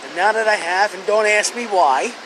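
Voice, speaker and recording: A man's voice: high-pitched, moderate pace, noisy background. A man in his forties with a Philadelphia accent, rambling and joking to his phone camera from his truck. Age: 40s. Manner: joking, rambling, self-mocking. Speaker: vlogger, scrap-metal worker. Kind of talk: casual vlog monologue.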